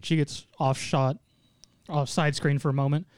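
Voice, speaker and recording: A man casually recapping a show, telling it with lively mock quotes and lots of laughing. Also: on the high side, moderate pace, clear, resonant tone, no echo, clean studio sound. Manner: animated storytelling, mock quotes in put-on voices, frequent laughter. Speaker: podcast host recapping an anime episode.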